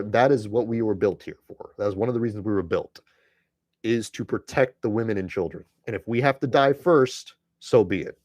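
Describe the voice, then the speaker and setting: Low-voiced man preaching to his viewers. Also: darkish tone, dry recording. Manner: earnest and preachy, repeats phrases for emphasis; addresses listeners directly and bluntly. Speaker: live stream host. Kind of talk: impassioned monologue to viewers.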